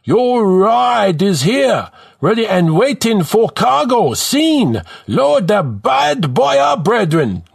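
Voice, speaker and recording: A man's voice: sits high, big pitch swings, slow, vocal fry, slightly rough, no room sound, clean studio sound, pitched above the performer's own voice, exaggerated voice. A man voicing a cocky fifteen-year-old boy who bellows in an exaggerated put-on Jamaican accent. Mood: triumphant. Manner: bellowing, showy.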